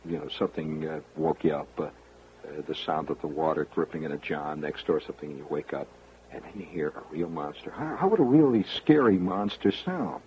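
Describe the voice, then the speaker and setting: A man's voice: very deep voice, animated, fairly quick, dull audio, a little hiss or hum. A man hosting a radio show, spinning a rambling, wry monologue straight to the listener. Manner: rambling storyteller, confiding, wry. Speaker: radio host.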